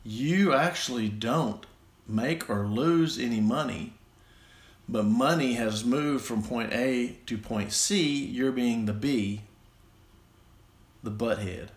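A man with a Southern American accent tells a rambling, self-deprecating personal story, halting and restarting many times. His voice is mid-range, heard in a roomy space.

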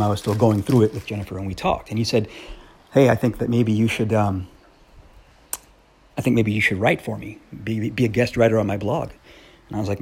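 A man's voice: on the low side, a little mellow, breathy edge. A man hosting a podcast in a candid personal monologue, blunt and swearing freely, partly reading aloud his own old essay. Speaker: podcast host.

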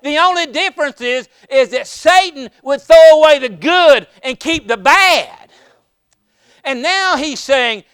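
High-pitched folksy preacher. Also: male voice, expressive, unhurried, no echo, clean studio sound. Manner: folksy storytelling, rising to impassioned shouts. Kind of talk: sermon.

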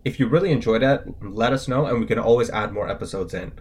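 A man's voice: mid-range voice, fast, breathy edge. A man co-hosting a scripted language lesson, spelling out words letter by letter with their tones in a casual, upbeat way.

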